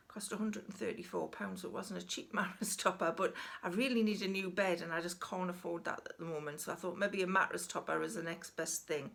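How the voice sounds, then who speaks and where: A woman's voice: lowish voice, creaky, a bit bright. A Geordie woman in her sixties, chatting casually and frankly to camera in a rambling, self-deprecating way. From North East England. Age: 60s. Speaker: vlogger.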